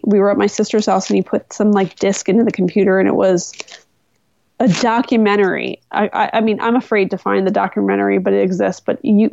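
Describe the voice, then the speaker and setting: A woman with a gravelly, fry-edged voice tells stories in a relaxed podcast interview, lively and incredulous as she goes. The sound is dry and a little dull, close to the mic. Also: mid-range voice, dry recording. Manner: animated, incredulous storyteller with laughs. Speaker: podcast guest. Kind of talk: casual interview storytelling.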